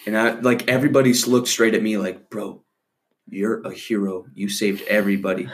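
A man's voice: lowish voice, fairly quick. A young man, a guest on a casual podcast, telling a story with lots of laughter and acted-out voices. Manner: animated, laughing, acts out voices in his story.

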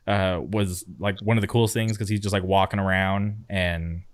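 Young man, low-pitched, dry sound, casual rambling podcast chat, enthusiastic. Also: fairly even intonation, normal speed, no room sound. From California. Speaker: podcast co-host.

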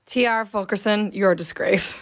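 A woman's voice: mid-range voice, steady tone, normal speed. A woman co-hosting a podcast in casual chat, with crude, laughing banter. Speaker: podcast co-host.

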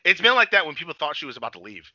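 A man's voice: a little high, racing, no echo, muffled recording. A man co-hosting a podcast in loose, casual chat, swearing freely and telling stories with lots of energy. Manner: loose, swearing, animated storytelling. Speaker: podcast co-host.

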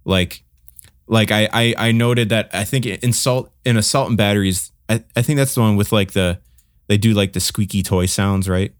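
Podcast co-host, male, lower voice, rambly and casual, dry close recording. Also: steady tone, normal speed, dry recording. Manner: rambling, many fillers and restarts, hums riffs. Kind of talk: casual music review chat.

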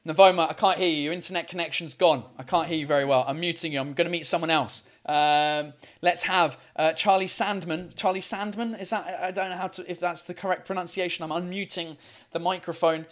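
Upbeat host with a high, bright voice, talking through a computer mic, trips over his words and keeps going. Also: fairly even intonation, a little fast. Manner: upbeat, chatty, stumbles and repeats words. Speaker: host of a live video call show. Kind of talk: casual live-stream chat with callers. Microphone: computer mic on a video call.

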